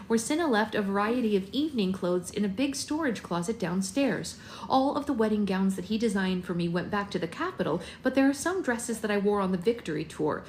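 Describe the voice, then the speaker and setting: A woman hosting a live book club from home, reading a novel aloud in a gentle, unhurried voice and breaking into soft singsong baby talk to her infant. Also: medium pitch, a little hiss or hum. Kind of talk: live read-aloud with casual asides.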